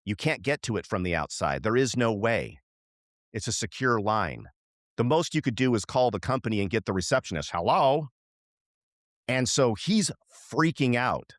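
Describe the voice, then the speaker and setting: A middle-aged man co-hosting a podcast, telling a story in casual chat and jumping up in pitch when he acts out what people said. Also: normal speed, no room sound, studio quality. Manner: animated storyteller, voices quoted people with jumps in pitch. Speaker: podcast co-host.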